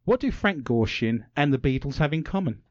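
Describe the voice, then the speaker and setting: A jovial man hosts a late-night radio quiz with a very animated, sing-song delivery. His banter is theatrical and full of puns. The sound is dry and a little dull, like a lo-fi web radio stream. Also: on the high side, a little fast, dry recording. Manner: playful, punning, theatrical delivery. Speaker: radio show host. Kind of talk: jokey quiz show banter.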